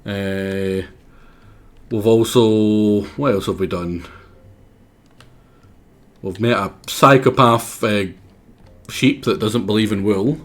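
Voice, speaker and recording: A man's voice: on the low side, steady tone, slow pace, pauses often. A man livestreaming a video game, talking in a rambling, self-mocking way, his voice sore from doing character voices. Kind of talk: casual gameplay commentary.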